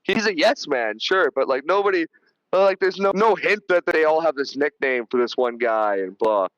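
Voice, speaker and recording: A man's voice: on the high side, animated, normal speed, fairly bright tone, no room sound, dull audio. A man hosting a podcast, rambling through a casual movie review with lots of swearing and restarts. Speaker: podcast host.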